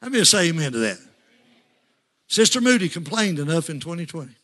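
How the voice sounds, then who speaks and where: A man's voice: on the high side, big pitch swings, fairly quick, fairly bright tone. A man preaching a sermon, telling folksy stories and rising to fervent calls to the congregation.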